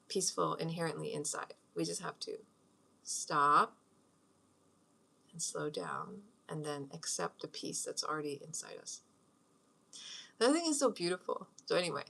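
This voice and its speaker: A woman's voice: sits low, animated, a little slow, creaky, long pauses, bright, forceful tone. A middle-aged woman hosting a meditation talk at home, chatting casually and rambling, with frequent laughs. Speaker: host leading a meditation practice. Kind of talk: casual spoken talk with guided breathing.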